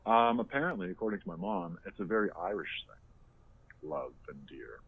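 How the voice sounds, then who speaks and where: A man's voice: low voice, animated, moderate pace, husky, no room sound. A man co-hosting a podcast in casual, opinionated chat, rambling with lots of fillers and restarts, heard over a tinny phone-like line. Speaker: podcast co-host.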